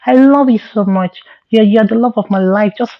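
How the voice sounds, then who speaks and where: A man's voice: high-pitched, moderate pace, pitched above the performer's own voice. A man putting on a lovesick female spirit voice. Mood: seductive. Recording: lo-fi dull sound.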